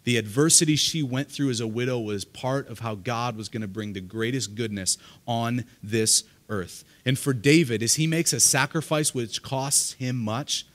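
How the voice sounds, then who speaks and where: A man's voice: mid-range voice, normal speed, few pauses. A male pastor preaching to a live congregation in an earnest way, often repeating words as he starts a sentence. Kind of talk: sermon. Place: church service, live congregation.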